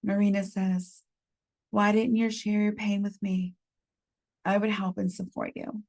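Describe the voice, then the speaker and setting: A woman leading a support group through a gentle guided reflection, calmly reading out messages from the chat. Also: mid-range voice, gravelly. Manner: gentle, unhurried, reads chat messages aloud. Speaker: medium leading a healing workshop.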